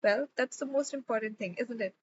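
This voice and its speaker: A woman's voice: on the high side, fairly quick, a little mellow, muffled recording, slight background noise, close to an everyday voice. A woman reading as a mild absent-minded father. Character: worried, distracted older father.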